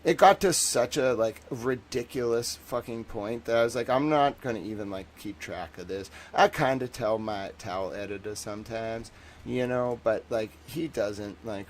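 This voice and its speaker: A man's voice: on the low side, normal speed, slight background noise, low-quality recording. A young man hosting a livestream, talking casually and rambling, full of fillers and little acted-out voices. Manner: rambling, jokey, many fillers, acts out voices. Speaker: livestream host.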